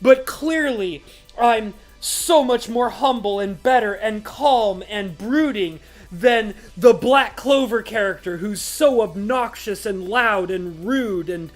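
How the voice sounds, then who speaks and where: A woman's voice: medium pitch, slow, faint music behind. A woman mimicking a smug, brooding young male anime hero in a droning, mock-humble voice.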